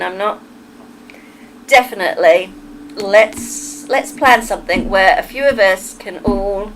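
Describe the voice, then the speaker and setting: A woman's voice: lowish voice, a bit bright, a little hiss or hum, poor audio. An English woman hosting a livestream, chatting casually with her viewers, laughing often and drifting onto tangents. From England. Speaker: livestream host. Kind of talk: casual chat reading a live chat.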